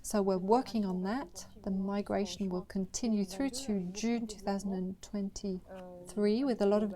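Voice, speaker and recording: A woman's voice: mid-range voice, mellow. A woman presenting annual financial results to investors, talking in a hesitant way with many fillers and restarts.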